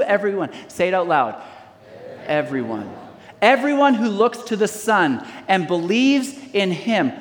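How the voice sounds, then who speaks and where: A man's voice: high-pitched, a bit bright, long reverb tail. A man preaching a sermon as pastor, reading scripture aloud and calling on the congregation to answer back. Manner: preaching with call-and-response to the congregation.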